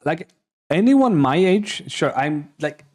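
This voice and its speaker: A man's voice: a little high, very animated, slow, a little mellow. A young man, rambling and joking through a live reaction stream, often restarting his sentences. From Poland. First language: Polish. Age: young adult. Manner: rambling and self-mocking, with frequent restarts and swearing.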